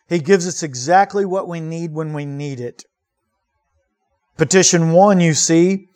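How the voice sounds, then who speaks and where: A man preaching a sermon as pastor, earnest and emphatic, asking rhetorical questions and repeating key words. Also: a little high.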